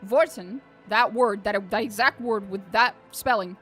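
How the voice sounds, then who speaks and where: A woman's voice: medium pitch, unhurried, a bit bright, faint music behind. A woman streamer chatting casually and jokily with her chat while playing a game. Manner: chatty, joking, laughs often. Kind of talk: casual livestream commentary.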